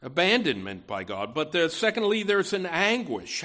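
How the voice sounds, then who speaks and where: A man preaching a sermon, halting often with fillers and restarts as he works through a psalm. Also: on the high side, very animated, bright, forceful tone. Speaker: pastor.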